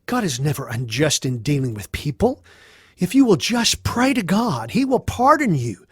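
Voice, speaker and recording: A man's voice: a little high, sing-song, normal speed, husky, no room sound. A man voicing a harsh, judgmental friend who scolds and moralizes. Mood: scolding.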